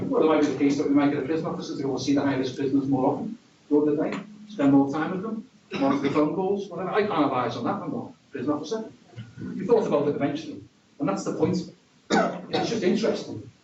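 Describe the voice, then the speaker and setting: Speaking at a quick pace, a man with a highish voice and a regional accent delivers a wry, conversational conference presentation laced with self-deprecation. A noisy background accompanies the distant, dull, echoey hall recording.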